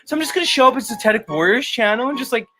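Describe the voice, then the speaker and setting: A man's voice: lively intonation, racing, sharp tone, faint music behind, exaggerated voice. A man doing a mocking impression of a smug, self-important online rival on a live stream. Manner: mocking, sing-song, high-pitched impression.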